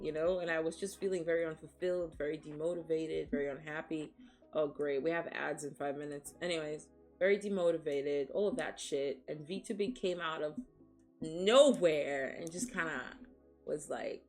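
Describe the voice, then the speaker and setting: Low-voiced woman streamer, frank and profane. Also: moderate pace, faint music behind. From Nigeria. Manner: frank, swears freely, laughs often while reading chat. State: sniffling after crying. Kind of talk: casual chat.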